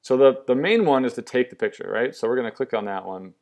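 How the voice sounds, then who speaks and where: A man's voice: medium pitch, animated, quick pace, a little mellow. A young man casually and enthusiastically walking through an app demo, upbeat and loose with fillers. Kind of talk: casual product demo walkthrough.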